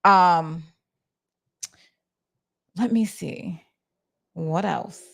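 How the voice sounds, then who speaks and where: Gravelly and a bit bright, her fairly low voice moves very slowly. This livestream host from New York, with a New York accent, chats casually from her office, talking to her chat with restarts and fillers.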